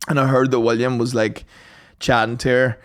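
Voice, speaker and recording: A young man, chatting and telling sweary, animated stories as a podcast co-host. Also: medium pitch, normal speed, clear, resonant tone. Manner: animated, sweary, acts out voices. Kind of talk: casual storytelling chat.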